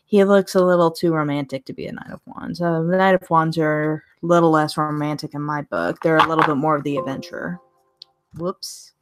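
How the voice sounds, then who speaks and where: A woman's voice: low-pitched, steady tone, a little fast, soft background music. A woman casually reviewing a tarot deck on a live stream, chatting and laughing often as she gushes over the cards.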